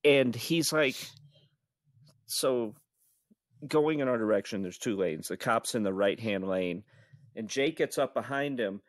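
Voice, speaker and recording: A man's voice: mid-range voice, lively intonation, a little slow, long pauses, no room sound, clean studio sound. Rambling man telling a story. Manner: rambling, laughs often. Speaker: podcast host. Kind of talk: casual storytelling chat.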